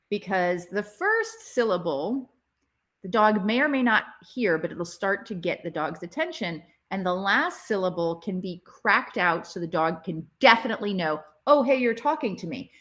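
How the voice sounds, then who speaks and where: A woman teaching relationship communication in a live session, chatting to her viewers as she explains. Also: mid-range voice. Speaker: relationship educator. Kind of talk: live interactive workshop session.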